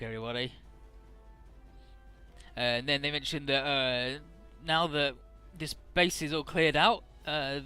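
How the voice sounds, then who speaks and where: A man's voice: on the high side, sharp tone, clean tone. A man giving casual gameplay commentary, retelling story scenes with acted quotes and some swearing. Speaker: let's play commentator.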